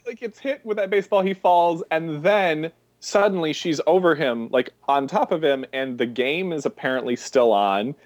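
A man's voice: on the high side, no room sound, highs cut off. A man co-hosting a podcast, chatting casually about a movie and acting out scenes in mocking quotes. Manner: animated, quick asides, mocking quotes. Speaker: podcast co-host. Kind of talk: casual movie review chat.

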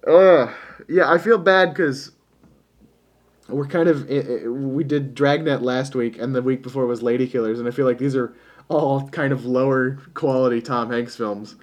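A man co-hosting a podcast, chatting casually about a movie, animated and jokey, laughing often. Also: mid-range voice, normal speed. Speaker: podcast co-host. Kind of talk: casual movie review chat.

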